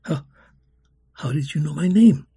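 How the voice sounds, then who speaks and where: A man voicing a timid young orphan boy who speaks in a hushed, hesitant way. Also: a little high, measured pace, creaky, husky, exaggerated voice. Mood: wondering.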